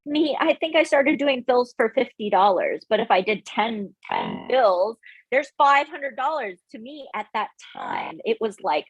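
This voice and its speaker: A woman's voice: on the high side, wildly swooping pitch, a little slow, breathy edge, no room sound, dull audio. A woman guest on a podcast, explaining her views in an earnest, reflective way. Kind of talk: casual interview chat.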